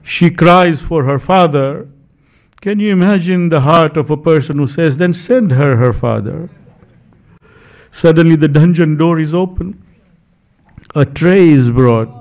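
A man preaching a mourning sermon, narrating slowly and rising into wailing grief. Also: fairly high pitch, darkish tone.

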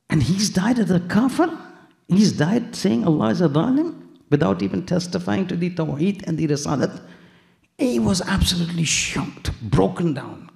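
A male preacher giving a sermon, telling a story and acting out its dialogue in an animated way, with Arabic and Urdu phrases mixed in. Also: fairly high pitch, gravelly. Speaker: Islamic preacher.

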